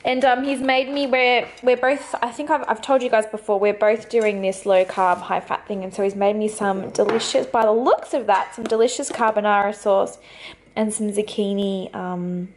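A young Australian woman vlogging casually to a handheld camera, gushing and excitable, laughing often. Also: medium pitch, moderate pace, a little hiss or hum. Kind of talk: casual vlog chat to camera. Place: car, then home.

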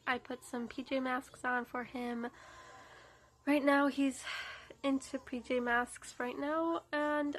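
A woman's voice: sits high, a bit bright. A young woman with a congested, stuffy-nosed voice, chatting casually to the camera at home about her day as a mom. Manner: chatty, rambling. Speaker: mom vlogger. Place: at home indoors.

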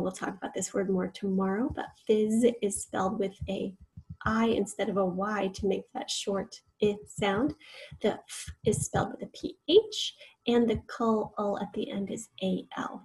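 A woman's voice: mid-range voice, dark tone, slightly rough, poor audio. A woman teacher leading a recorded spelling lesson for children, patiently explaining each word and sounding out its parts.

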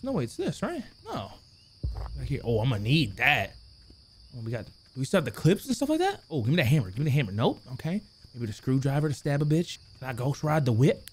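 A man playing a horror game and commenting, excitable, cursing, shouting, then muttering to himself. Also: mid-range voice, quick pace, slight background noise. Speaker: gaming YouTuber.

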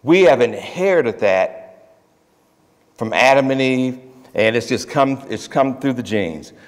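An Ohio pastor with a mid-range voice preaches a sermon slowly and with animation. He talks emphatically but conversationally in everyday phrases, and the church sanctuary recording has long reverb.

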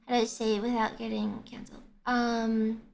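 A young woman livestreamer chatting casually while gaming, rambling and repeating herself, blunt but quick to apologize. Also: a little high, little pitch movement, creaky, a little mellow. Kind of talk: casual game stream chat.

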